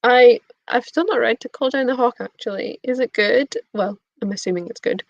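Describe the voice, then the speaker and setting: A young woman, bubbly and prone to little laughs, chatting to her viewers in a fairly high voice. The sound is dry and close, with a dull, lo-fi stream quality. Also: normal speed, gravelly, no room sound. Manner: bubbly, giggly, reading out chat messages. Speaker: booktube streamer. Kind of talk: casual live-stream chat.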